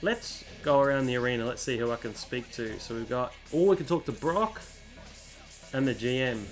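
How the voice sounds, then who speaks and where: Man, let's-play host, casual commentary, chatty, average pitch, faint game music. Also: normal speed. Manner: chatty, reads on-screen menus and dialogue aloud. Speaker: gaming channel host.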